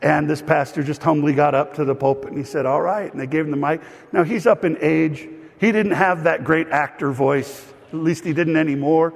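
A man preaching a sermon as pastor, telling stories with lively asides to the congregation. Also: a little high, normal speed, gravelly, slightly rough. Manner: animated storytelling with asides. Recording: long hall reverb.

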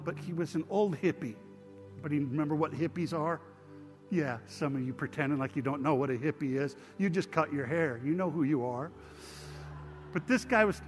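A man preaches a sermon in a fairly high voice, telling stories to the congregation in an easy, conversational way. He talks to the people in front of him directly and then leads them in prayer. Soft music plays faintly behind him. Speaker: pastor. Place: church sanctuary.

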